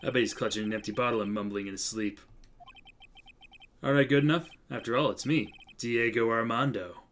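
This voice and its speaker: A man voicing a suave, cocky male defense attorney mentor in a slow, low, smooth drawl while playing a game. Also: fairly bright tone, lightly acted. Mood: smug. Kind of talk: let's play voice acting.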